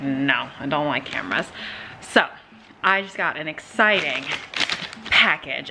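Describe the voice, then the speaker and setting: A young woman chatting excitedly in a casual reading vlog from home. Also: on the low side, slight background noise. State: out of breath. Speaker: vlogger.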